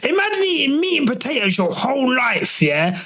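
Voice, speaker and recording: Animated young man ranting on a podcast. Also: extremely high pitch, a little fast, low-quality recording. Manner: animated, swearing, slangy and excitable. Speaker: podcast host. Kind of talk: solo podcast rant.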